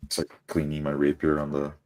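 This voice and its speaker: A man's voice: a bass voice, monotone, a little fast. A man playing a tabletop game, speaking hesitantly with repeated stammers. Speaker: player. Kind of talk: tabletop role-play.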